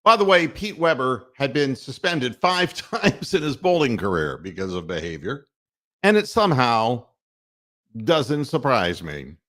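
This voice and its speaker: Slow, animated, cursing podcast host. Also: male voice, medium pitch. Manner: grumbling, sarcastic, swears freely. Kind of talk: profane rant.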